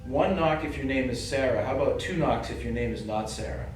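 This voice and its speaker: A man with a Boston accent, a paranormal investigator calmly coaxing an unseen spirit to talk, in an old building. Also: medium pitch, brisk, soft background music. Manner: calm, coaxing, earnest, addressing an unseen presence. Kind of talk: calling out to a spirit in a ghost hunt. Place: old building at night, indoors. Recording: very echoey room, distant mic, faint hiss.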